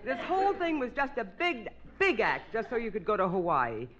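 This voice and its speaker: A woman's voice: fairly high pitch, wildly swooping pitch, normal speed. A woman in a 1950s radio sitcom with a wry, knowing manner, heard on an old broadcast recording. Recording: dull old radio recording with loud hiss.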